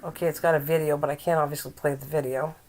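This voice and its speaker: An older woman hosts a casual live-stream chat. She teases her viewers, laughs often and reads a recipe aloud haltingly. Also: sits low, little pitch movement, a little mellow, a little hiss or hum. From Canada.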